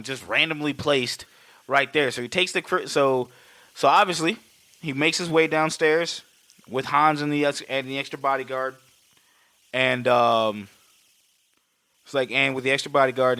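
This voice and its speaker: A male podcast co-host recaps a film in casual chat, rambling and swearing freely. His voice is bright and forward, recorded close and dry. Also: mid-range voice, dry recording. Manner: rambling, profane, animated retelling.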